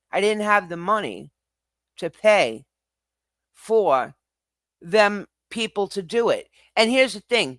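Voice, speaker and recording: A man's voice: fairly high pitch, fairly bright tone, no room sound. A man hosting a casual livestream, ranting animatedly with swearing and laughter. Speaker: livestream host. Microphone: streaming setup mic.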